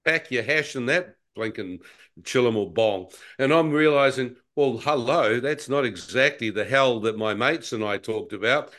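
Animated man telling his story. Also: mid-range voice, normal speed. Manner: animated storyteller, acts out his own thoughts, slangy. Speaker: guest telling a near-death testimony. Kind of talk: conversational personal testimony.

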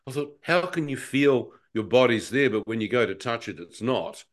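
A man giving an animated, slangy personal testimony as a guest. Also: mid-range voice, moderate pace. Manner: animated storyteller, acts out his own thoughts, slangy. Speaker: guest telling a near-death testimony.

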